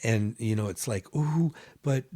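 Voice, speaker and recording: A man's voice: mid-range voice, unhurried. A man telling a long personal story in casual conversation, acting out what others said and dropping to near whispers for asides. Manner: animated storyteller, acts out quoted voices. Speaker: guest.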